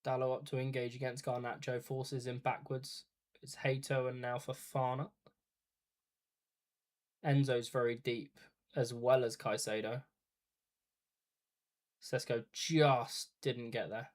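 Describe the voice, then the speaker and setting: A man's voice: mid-range voice, flat delivery, slow, pauses often. A man streaming a watch party, giving chatty live play-by-play of a football match with casual asides.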